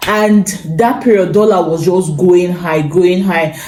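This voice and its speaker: Young Nigerian woman, casual vlog storyteller, lively and exclaiming, lowish voice, roomy phone recording. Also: measured pace. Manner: animated, exclaims and repeats phrases. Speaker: vlogger.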